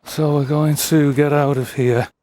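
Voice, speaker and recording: A fairly high, dark, level voice comes through a dry recording as the vlogger speaks a little slowly while exploring a derelict building with a cellar and broken glass. Out of breath, he mutters wry asides to himself, using a handheld camera mic while holding a torch.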